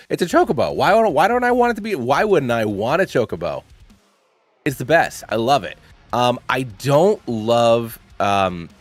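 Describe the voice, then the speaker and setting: Low-voiced man rambling through casual commentary. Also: dry recording. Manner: rambling, playful, thinks aloud with fillers. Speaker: channel host.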